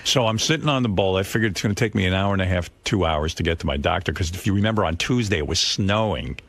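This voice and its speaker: A man's voice: low voice, quick pace, fairly bright tone, a little hiss or hum. A man hosting a radio show and telling a rambling, self-mocking story in casual chat.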